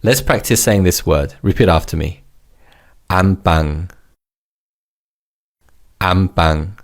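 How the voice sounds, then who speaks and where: A man teaching a language lesson in a clear, encouraging way, modelling words for the listener to repeat. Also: deep voice.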